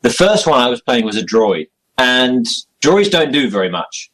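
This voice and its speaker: On poor audio, a young man with a medium-pitched, fairly bright voice speaks at normal speed and very animatedly. He's an interview guest casually chatting about his role-playing game character, rambling, mocking himself, and chuckling a lot.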